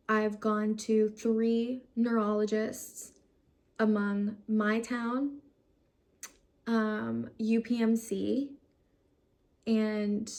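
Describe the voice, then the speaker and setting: Frustrated and close to crying, a young vlogger from the United States recounts her own story on camera, cursing as she gets more upset. Her voice is medium-pitched and darkish, with vocal fry.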